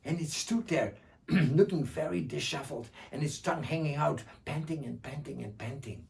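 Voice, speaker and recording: Gravelly-voiced man telling folk tales. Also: a little high, moderate pace, a little mellow. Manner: rhythmic, repeating phrases, frequent throat-clearing. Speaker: storyteller. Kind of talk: oral storytelling performance. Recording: distant mic.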